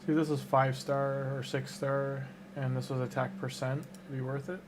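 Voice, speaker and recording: Man, gaming commentary, mid-pitched, thinking aloud, faint background hiss. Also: little pitch movement, normal speed. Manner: muttering, thinking aloud and reacting to the game. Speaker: gaming streamer. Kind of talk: casual gameplay commentary.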